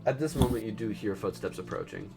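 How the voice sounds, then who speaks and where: Brief: male game master, low-ish voice, easygoing and filler-heavy narration. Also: fast talker, vocal fry, loud music behind the voice. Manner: loose, hesitant, many fillers.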